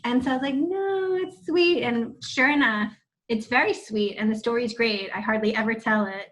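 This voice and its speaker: A woman's voice: a little high, fairly even intonation, brisk, fairly bright tone, low-quality recording. A woman in her forties, a guest on a video-call interview, telling her story candidly with casual swearing and laughter. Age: 40s. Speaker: guest, founder of a wellness center.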